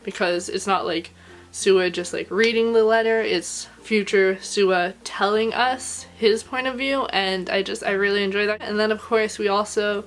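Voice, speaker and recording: A woman recording a casual video review, chatty and gushing, filling her talk with "like" and letting her pitch climb when she gets emotional. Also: steady tone, normal speed, soft background music. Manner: chatty and gushing, heavy use of "like". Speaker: anime reviewer.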